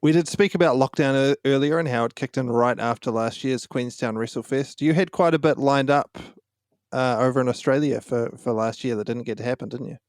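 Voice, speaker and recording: A man's voice: medium pitch, brisk, no room sound, studio quality. A man hosting a casual podcast, easygoing and teasing, reading out fan questions. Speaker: podcast host.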